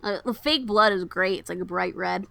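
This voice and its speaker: A woman's voice: mid-range voice, moderate pace, vocal fry, no echo. A woman co-hosting a podcast, casually retelling a film plot and acting out its lines in a raised voice. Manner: animated storytelling, acts out quotes in a raised voice. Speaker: podcast co-host. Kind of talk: casual chat recapping a film.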